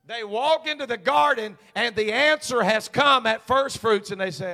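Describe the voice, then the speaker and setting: A male senior pastor preaching a Pentecostal sermon in a church. He moves from hushed storytelling to shouted, rhythmic preaching. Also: very high-pitched, normal speed, creaky, hardly any pauses. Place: church sanctuary.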